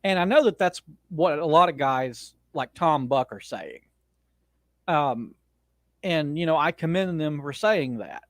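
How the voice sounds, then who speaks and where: Male podcast host, solo rant, blunt and opinionated, slightly high voice, dry close sound. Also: expressive, unhurried, fairly bright tone, no room sound. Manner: blunt, opinionated, frequent restarts. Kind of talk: casual monologue rant.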